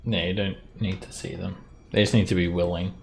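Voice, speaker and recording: A man's voice: low-pitched, flat delivery, brisk, creaky, music in the background. A man running an online tabletop game as game master, explaining rules plainly with hesitant fillers.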